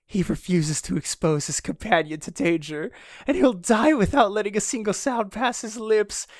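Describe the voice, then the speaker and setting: A man voicing a group of swooning female monster girls, gushing in a high mock-swoon. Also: normal speed, dry recording, clean studio sound, close to an everyday voice.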